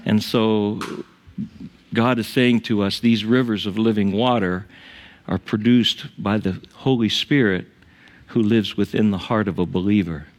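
A male pastor preaching a sermon in church, tearful and emotional, his voice rising high on emphatic lines. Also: steady tone, a little slow.

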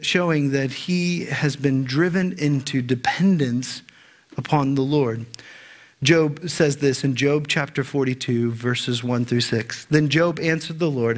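Fervent storytelling preacher, a man. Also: on the high side. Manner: storytelling preacher, emphatic rhetorical questions, slows for emphasis. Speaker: pastor. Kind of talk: sermon. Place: church sanctuary.

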